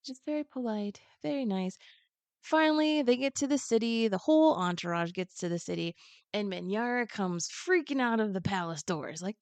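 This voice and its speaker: A woman chatting casually as a podcast guest, retelling a picture book in an animated way and playing the characters' lines in quick asides. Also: mid-range voice, no room sound.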